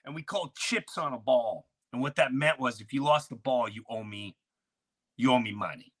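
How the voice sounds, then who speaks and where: A man hosting a podcast, telling a neighborhood story in casual chat and acting out quotes with loud, animated outbursts. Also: mid-range voice, moderate pace, slightly rough. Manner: animated, acts out shouted quotes. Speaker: podcast host.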